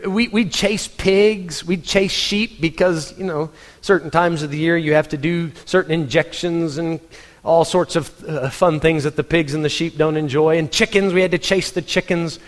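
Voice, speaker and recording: A middle-aged male preacher tells funny farm stories in an animated way and often laughs along with them. His voice sits a little high for a man. Long reverb trails off each line in the church hall. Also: normal speed. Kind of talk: humorous sermon storytelling.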